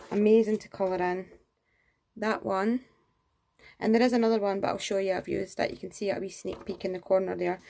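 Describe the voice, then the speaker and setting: A woman's voice: medium pitch, creaky, warm tone. A woman in a casual show-and-tell craft review, gushing and enthusiastic, full of exclamations. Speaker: craft vlogger.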